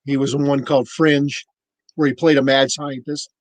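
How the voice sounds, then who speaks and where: A man on a podcast telling a casual, animated story and acting out the voices of the people in it. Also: medium pitch, moderate pace, no echo, rough recording. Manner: animated anecdote-teller, acts out quoted voices. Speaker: podcast cohost.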